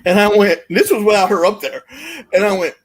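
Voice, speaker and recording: A man's voice: high-pitched, fairly quick, husky. A man telling a long, rowdy anecdote in casual chat and laughing along as he goes. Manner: animated storyteller, laughing through his own anecdote. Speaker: guest storyteller.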